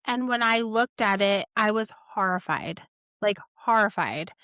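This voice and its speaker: A woman in her thirties co-hosting a casual faith podcast, telling a family story with animated asides. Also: mid-range voice, a little slow, smooth, dry recording, studio quality. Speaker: podcast co-host.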